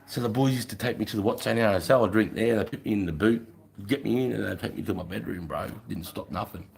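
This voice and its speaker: This livestream host is a middle-aged man with an Australian accent whose voice runs low, creaky and a bit dark, and he talks fast. His casual story rambles along, peppered with swearing and the tag "right?".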